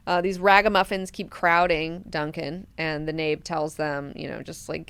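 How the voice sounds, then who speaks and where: Woman book club host, casual profane recap, smooth voice, dry close sound. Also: low-pitched, moderate pace, hardly any pauses, no echo. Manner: animated, profane storytelling.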